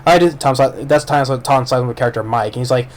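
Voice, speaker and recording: A man's voice: medium pitch, fast. A man giving a casual, rambling movie review, retelling the plot with lots of fillers and restarts.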